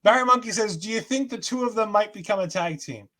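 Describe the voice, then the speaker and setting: A man's voice: high voice, fast talker, bright, forceful tone. A man co-hosting a casual wrestling chat show, joking with sarcastic mock outrage. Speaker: wrestling podcast co-host.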